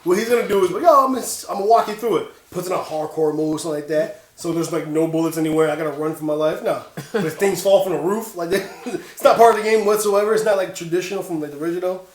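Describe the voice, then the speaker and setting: A man co-hosting a laid-back gaming podcast rambles through stories, laughing and excitable. His voice sits on the high side, his pace is quick, and the sound is roomy.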